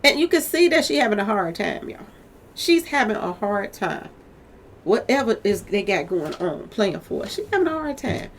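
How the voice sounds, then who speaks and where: Celebrity gossip is the topic as a woman hosts her own commentary channel, her mid-range voice at normal speed over slight background noise. Chatty and animated, she addresses viewers directly and keeps calling them "y'all."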